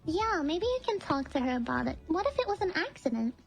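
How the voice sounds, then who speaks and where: A woman's voice: very high-pitched, sing-song, fairly quick, vocal fry, soft background music. A woman playing a therapist on a stream, asking earnest questions with small stammers. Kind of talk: playful role-play stream chat.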